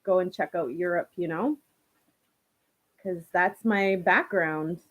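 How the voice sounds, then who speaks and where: A woman's voice: on the low side, slow pace. A young woman from Canada hosting a casual live stream. She chats with viewers, reads their comments, laughs often and uses many fillers. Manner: chatty and warm toward viewers, laughs often, many "like" and "you know" fillers.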